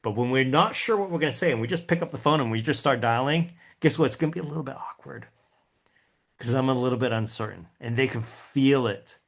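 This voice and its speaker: Lively man teaching a sales class. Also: mid-range voice, brisk, vocal fry. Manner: animated, acts out his own inner voice and quotes; folksy, addresses the audience with tag questions. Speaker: real estate sales coach.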